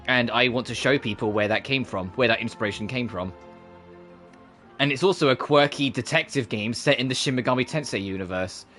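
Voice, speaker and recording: Brief: twenties guy, faint British accent, mid-pitched, loose rambling stream talk with plenty of swearing. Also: fairly bright tone. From Britain. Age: 20s. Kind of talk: casual chat.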